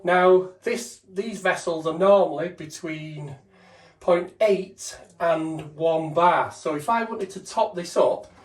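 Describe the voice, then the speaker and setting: A man's voice: a little high, slow pace. A man talks through a boiler strip-down step by step, casual and practical, the way a trainer explains a job while doing it. His voice rings a little in a roomy space. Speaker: gas engineer trainer. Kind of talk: hands-on demonstration narration. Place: indoors beside a boiler.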